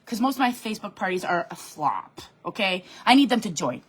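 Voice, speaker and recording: A woman leading her sales team in a bubbly, animated live-stream pep talk from her home office desk, reading and answering comments as she goes. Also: mid-range voice, brisk, slightly rough. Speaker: direct sales team leader.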